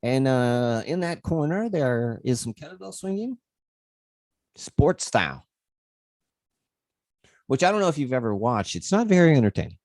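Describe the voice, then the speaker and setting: A man's voice: medium pitch, big pitch swings, normal speed, long pauses, darkish tone, no room sound, studio quality. A man hosting a fitness livestream, telling a rambling story in a casual way and swearing freely.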